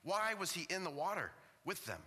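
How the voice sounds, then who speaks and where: A man's voice: sits high, big pitch swings, moderate pace, sharp tone, breathy edge, big-room sound. A man preaching a sermon as pastor in a church, impassioned, asking the same questions again and again.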